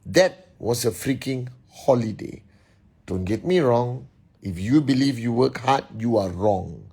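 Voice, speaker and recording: A man hosting a livestream, giving a forceful motivational talk to his team and calling out shout-outs to viewers. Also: medium pitch, animated, creaky, husky. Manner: forceful, exhorting, rapid-fire shout-outs. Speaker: business leader hosting a livestream.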